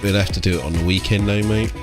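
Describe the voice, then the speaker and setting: A man's voice: low-pitched, steady tone, quick pace, music in the background. A British man who paints miniatures chats casually on a live stream, ranting and swearing, with "like" and "mate" in every sentence.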